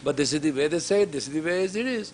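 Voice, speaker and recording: Racing along in a slightly high, animated voice, a man in his fifties teaches a women's class on spiritual matters. He's direct and reproachful, often asking his listeners questions, with a bit of background noise present.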